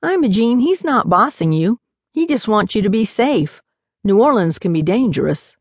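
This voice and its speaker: A woman's voice: medium pitch, big pitch swings, moderate pace, breathy edge, no echo, clean studio sound, voice pushed up. A woman voicing an easygoing, affectionate man who soothes and teases his partner. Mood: soothing. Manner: soothing, playful.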